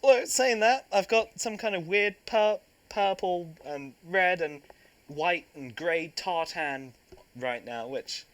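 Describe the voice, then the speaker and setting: A young man, hosting a casual podcast chat, jokey and quick to laugh. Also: high-pitched. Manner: jokey, teasing, laughs often. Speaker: podcast host.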